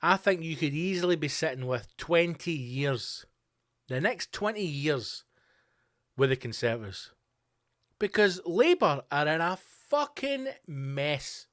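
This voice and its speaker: A man's voice: a little high, a little slow, no echo, studio quality. Sweary man ranting sarcastically. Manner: sarcastic, sweary, animated rant. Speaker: podcast host. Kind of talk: ranting comedic monologue.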